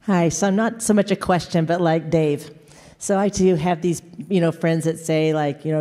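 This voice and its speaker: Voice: medium pitch, steady tone, normal speed, mellow. An audience member in a church hall making a casual comment from the floor, full of fillers.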